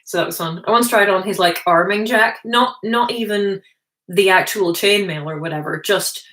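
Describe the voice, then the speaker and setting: A woman's voice: mid-range voice, normal speed, a bit bright. A woman hosting a livestream, chatting casually and reading chat messages aloud. She is self-deprecating and laughs often. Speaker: livestream host answering chat. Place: indoor room, sitting on the floor. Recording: roomy echo.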